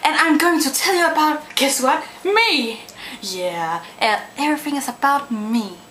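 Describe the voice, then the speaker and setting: A woman's voice: high voice, big pitch swings, normal speed, a bit bright, roomy sound, slight background noise. A hyper, giggly woman chatting playfully in a silly casual vlog. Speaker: vlogger.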